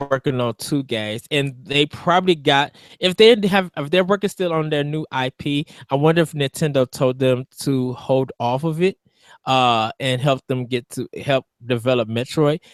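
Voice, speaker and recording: A man co-hosting a live stream, speculating eagerly about games in loose, quick bursts. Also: mid-range voice, dry recording. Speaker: co-host of a live watch stream. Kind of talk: casual gaming chat.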